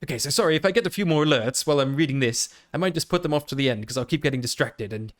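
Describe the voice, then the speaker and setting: A man chatting on a livestream in the persona of a vampire lord, easily distracted and quick to thank new followers. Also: medium pitch, expressive. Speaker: VTuber streamer.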